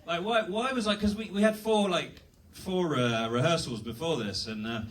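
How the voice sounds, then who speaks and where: A man's voice: on the high side, moderate pace, fairly bright tone, recorded from a distance. A young British man doing a rambling, self-deprecating stand-up set at a comedy club. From Britain.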